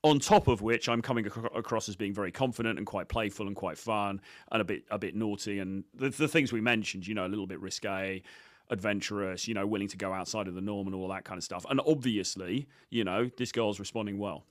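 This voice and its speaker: A man's voice: on the low side, fast, dry recording, clean studio sound. A man and dating coach giving casual, cocky commentary on his own street footage, swearing freely.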